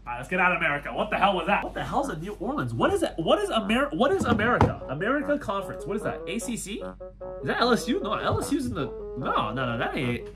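A young man giving loud, jokey commentary over a football video game, full of slang and sudden shouts. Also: sits high, wildly swooping pitch, fast, over loud music. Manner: hyped, jokey, shouts often, slangy with "you know what I'm saying". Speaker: gaming YouTuber. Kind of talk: energetic gameplay commentary.

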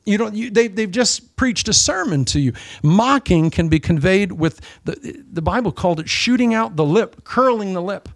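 A man preaching a sermon in an animated way, acting out the voices and looks of mockers. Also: high voice, moderate pace, creaky, few pauses, no echo. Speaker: pastor.

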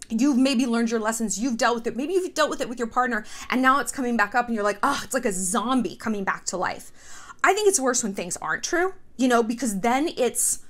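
A woman hosting a casual commentary video, sarcastic and profane, tossing in quick mock voices. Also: fairly high pitch, fairly bright tone. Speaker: commentary host.

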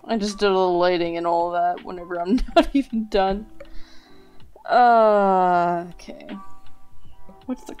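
A woman's voice: fairly low pitch, fairly even intonation, unhurried, long pauses, darkish tone, clean tone, soft background music. A woman streaming live as she draws, chatting casually and cooing to her pets. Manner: chatty, coos and baby-talks to her pets. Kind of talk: casual chat while drawing.

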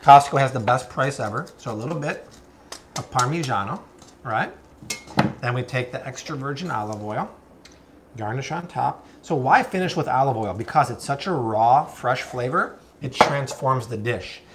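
A man's voice: medium pitch, animated, moderate pace, background noise. A man hosting a live cooking stream from a home kitchen, enthusiastic and exclamatory. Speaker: cooking show host.

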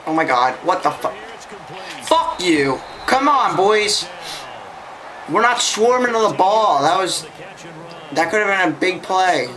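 A man giving profane let's-play commentary, reacting loudly to gameplay. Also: high voice, animated, unhurried, long pauses. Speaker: gaming YouTuber. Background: music playing.

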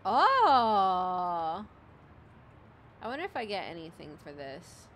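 A woman's voice: fairly low pitch, big pitch swings, fast talker. A woman streamer giving casual commentary as she plays, chatty and swearing as she thinks aloud. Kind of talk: gameplay commentary. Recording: loud game music under the voice.

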